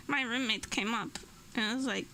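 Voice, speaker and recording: A woman's voice: on the high side, a little slow, sharp tone, a little hiss or hum, rough recording. A woman streamer chatting casually while she draws, laughing between almost every phrase. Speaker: streamer and illustrator.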